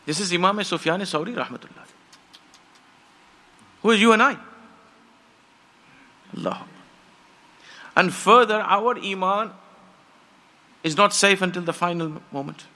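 A man's voice: high voice, a little slow, pauses often, sharp tone. A man preaching a sermon, telling stories with passion and acting out the voices of the people in them. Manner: impassioned storytelling, acts out quoted voices.

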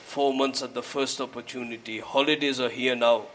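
A man's voice: medium pitch, steady tone, moderate pace, a little hiss or hum. A man preaching a sermon, telling a story and earnestly urging his listeners, dropping Urdu and Arabic religious words into his English. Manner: earnest, exhorting, grows louder when urging.

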